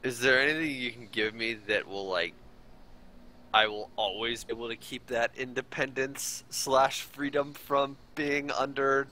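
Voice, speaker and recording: A man playing a tabletop game, laid-back and a little hesitant. His voice is bright and sharp, with a faint background hum. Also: mid-range voice, fairly even intonation, a little slow. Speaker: player. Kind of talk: casual chat at a tabletop game.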